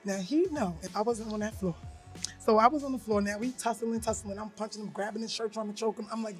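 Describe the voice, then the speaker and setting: A woman's voice: medium pitch, fast talker, faint music behind. A woman co-hosting a podcast, telling a personal story bluntly in casual chat and acting out the voices she quotes. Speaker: podcast co-host.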